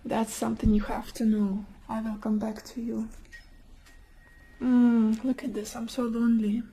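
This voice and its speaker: A woman giving a gentle, emotive tarot card reading, whose first language is not English and who often drops into a near whisper. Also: a little high, flat delivery, a little slow, slight background noise, low-quality recording. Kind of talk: soft-spoken pick-a-card tarot reading.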